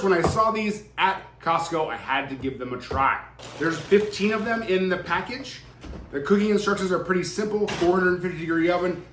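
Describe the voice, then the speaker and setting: Man host, casual food-review vlogger, slightly higher voice, chatty and enthusiastic. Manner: chatty, enthusiastic, tasting on camera.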